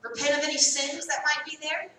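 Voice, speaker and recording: An American woman pastor preaching a sermon. She repeats phrases and swings from quiet asides to loud calls. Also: high voice, fairly even intonation, fairly quick, far from the mic, a little hiss or hum. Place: church sanctuary. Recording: roomy echo, voice from off the mic.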